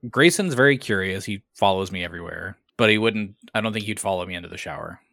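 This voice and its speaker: A man talking casually about his dogs, relaxed and halting at times. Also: low-pitched, gravelly, no echo, clean studio sound. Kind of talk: casual chat.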